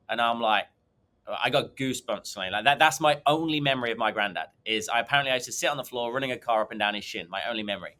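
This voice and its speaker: A man's voice: mid-range voice, fast talker, sharp tone. A man, a podcast guest, telling a long personal story in a rambling way, with many ums and restarts. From England. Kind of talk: conversational storytelling.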